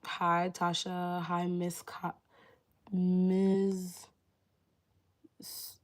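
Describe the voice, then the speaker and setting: Young female tarot reader, somewhat low voice, loose chatty delivery full of "like" and "um". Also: completely flat delivery, drawn-out words. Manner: casual, filler-heavy, hedging talk. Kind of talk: live-stream tarot reading.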